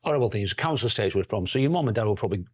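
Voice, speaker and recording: A man's voice: fairly low pitch, lively intonation, very fast, breathy edge, no echo. An older man with a Scouse accent, a former footballer chatting casually in an interview, rambling and laughing often. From Liverpool area.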